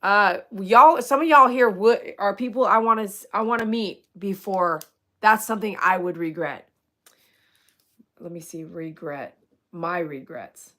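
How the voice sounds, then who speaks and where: A woman with a drawl hosts a casual livestream, reading viewer comments aloud and rambling off into jokes and asides. Her voice is bright and forward, at an ordinary pitch for a woman. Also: a little slow. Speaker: dog groomer hosting a livestream.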